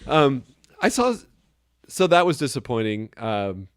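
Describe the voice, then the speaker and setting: A man co-hosting a casual podcast chat, joking and laughing often, with sudden high exclamations. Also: sing-song, a little slow, smooth, dry recording, studio quality. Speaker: podcast co-host. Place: Chicago area.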